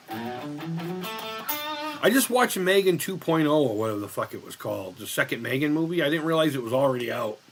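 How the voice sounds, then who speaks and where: A man's voice: mid-range voice, a bit bright, slightly rough. An American man hosting a casual live chat, rambling and swearing freely as he laughs along. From United States. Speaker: live stream host.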